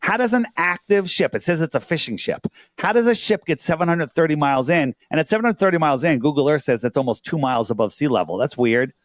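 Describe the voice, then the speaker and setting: A man's voice: fairly high pitch, animated, quick pace, dry recording, clean studio sound. A man being interviewed as a guest. He talks casually and earnestly, explaining things on his screen and checking in often with rhetorical questions.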